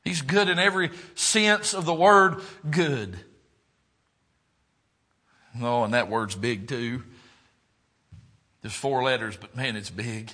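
A man preaching a sermon, swinging between loud, fervent exclaiming and quiet, low reflection. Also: slow, pauses often.

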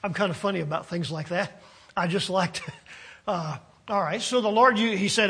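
A man with a husky, fairly high voice preaches slowly and deliberately. He builds emphasis with a rising pitch, then trails off quietly at phrase ends, often pausing on "uh" and restarting as he sorts out his thoughts.

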